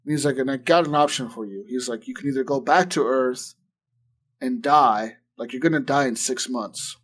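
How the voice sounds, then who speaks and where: A man in a relaxed podcast conversation, telling a long story in a loose, rambling way. His voice sits at an ordinary middle pitch, and he keeps stacking fillers and curses while acting out the other people's lines. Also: normal speed. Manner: rambling retelling full of "like" and swearing, acting out quotes. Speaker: podcast co-host. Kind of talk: casual chat.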